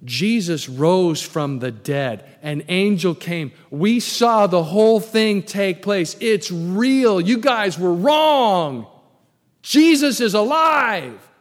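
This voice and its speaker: A man's voice: on the high side, expressive, slow pace, hardly any pauses. Man acting out Roman guards in a sermon, insistent report, reverberant hall. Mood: urgent. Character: frightened Roman tomb guards reporting, men.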